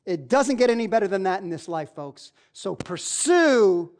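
A woman preacher delivering a sermon with passion. She repeats key phrases, swings from loud, emphatic cries to low, hushed asides. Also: expressive, fairly quick.

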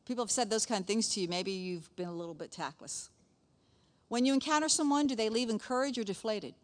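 A middle-aged woman delivers a casual sermon in a conversational way. She talks in an animated manner and checks in with her listeners often. Her voice sits in a middle pitch. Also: fast talker. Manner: chatty, animated, frequent "okay?" asides. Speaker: pastor's wife, speaker.

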